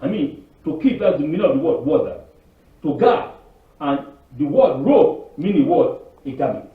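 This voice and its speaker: A man giving an informal, rambling sermon, asking rhetorical questions and answering them himself, and acting out other people's voices with big jumps in pitch. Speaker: spiritual leader giving a weekly Torah talk. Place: Canada. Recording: distant, echoey, phone-like room recording.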